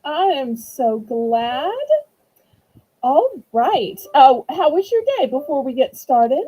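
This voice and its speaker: A Southern woman hosts a live online auction, chatting warmly and effusively with viewers. Her voice sits high, with a dark, mellow tone. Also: lively intonation, slow pace, breathy edge, rough recording. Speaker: auction host. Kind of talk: live-stream auction chat.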